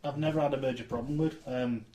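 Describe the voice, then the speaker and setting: A man's voice: medium pitch, steady tone, fast, mellow, roomy sound, poor audio. A man chatting casually as a podcast co-host, rambling and restarting his sentences. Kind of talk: casual chat.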